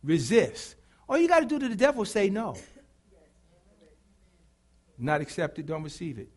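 A pastor preaching with call-and-response, animated and bursting into shouts. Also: male voice, sits high, moderate pace. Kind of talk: sermon.

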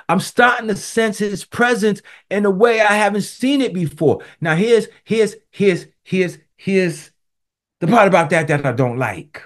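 A man in his sixties giving an emphatic devotional talk, repeating himself and addressing listeners directly. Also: high voice. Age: 60s. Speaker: preacher.

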